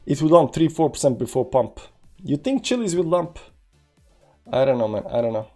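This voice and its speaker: A man with a fairly high, sing-song, dark-toned voice hosts a casual crypto trading livestream at a moderate pace, faint music playing behind him. Speaking English with a non-native accent, he rambles through charts and reads chat aloud with many fillers.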